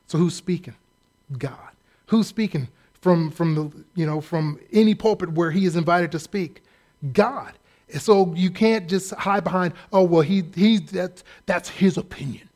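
High-voiced animated preacher. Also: male voice. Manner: animated, jokey, conversational preaching with mimicked voices. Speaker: pastor. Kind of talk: sermon.

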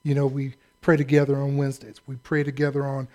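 A pastor preaching a sermon in a humorous, conversational, self-deprecating way. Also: male voice, mid-range voice, monotone, quick pace, darkish tone.

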